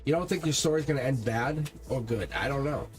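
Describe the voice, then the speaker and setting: Over faint background music, a tarot reader gives a live reading, speaking energetically and emphatically straight to his viewers. His voice is mid-range and he talks fairly quickly.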